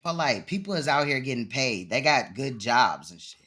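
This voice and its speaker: A man's voice: medium pitch, very animated, normal speed, pushed and bright. A man hosting a reaction stream, sassy, mocking and profane. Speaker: commentary channel host. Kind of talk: reaction commentary.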